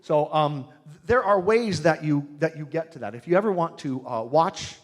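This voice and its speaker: A male singing teacher talks to a room full of students, lively and full of jokes. His voice sits a touch high for a man and moves around a lot as he demonstrates sounds. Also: moderate pace. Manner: humorous, animated, demonstrates with his own voice. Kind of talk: live workshop talk. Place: room with a live audience.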